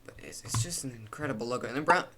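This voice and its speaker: A man's voice: mid-range voice, expressive, rapid-fire, bright, forceful tone, slight background noise. A young man giving a casual, opinionated commentary while ranking logos, rambling with frequent restarts and fillers.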